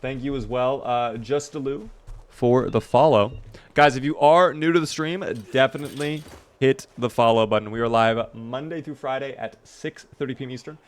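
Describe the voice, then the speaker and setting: Casually commentating his live survival-game stream, a tired young man yawns and thanks viewers by name. He has a mid-range voice and a moderate pace.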